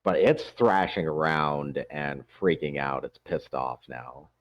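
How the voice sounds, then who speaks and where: A man running a tabletop game as game master, describing scenes in a relaxed way with frequent ums. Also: a bass voice, slow, dry recording, lo-fi sound.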